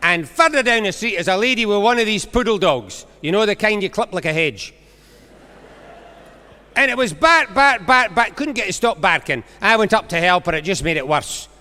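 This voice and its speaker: A Scottish man working through stand-up jokes with quick, punchy setups. His voice sits high and rings bright, carried by a long reverb from a big concert hall. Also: expressive. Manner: brisk joke-teller, punchy setups. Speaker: comedian. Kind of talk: stand-up storytelling on stage.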